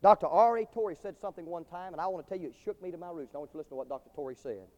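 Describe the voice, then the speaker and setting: A man preaching a sermon in a swelling cadence that rises to loud climaxes. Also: on the high side, racing. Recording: long hall reverb.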